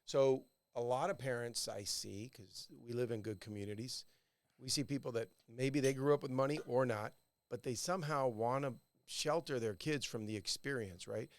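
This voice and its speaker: A man's voice: medium pitch, normal speed. A middle-aged man hosting a podcast, who listens with easy agreement and asks open questions. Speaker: podcast host. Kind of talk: casual podcast interview.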